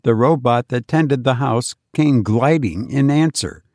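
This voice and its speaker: Slow, measured male storyteller. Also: mid-range voice, darkish tone, no room sound, studio quality. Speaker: narrator and podcast host. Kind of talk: storytelling narration.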